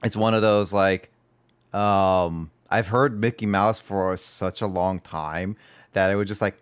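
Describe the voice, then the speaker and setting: A man's voice: sits low, measured pace, clear, resonant tone. A man streaming a video game, chatting casually and rambling, correcting himself as he talks. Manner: rambling, self-correcting, animated. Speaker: gaming streamer. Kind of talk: casual livestream chat.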